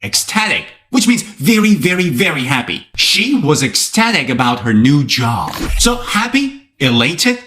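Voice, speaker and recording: A man teaching an English vocabulary lesson to camera, lively and playful, with joking asides. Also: a little high, unhurried, hardly any pauses.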